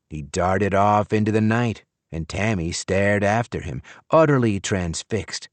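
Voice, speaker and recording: A man narrating an audiobook in the first person, in a measured, expressive storytelling manner. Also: on the low side, dry recording.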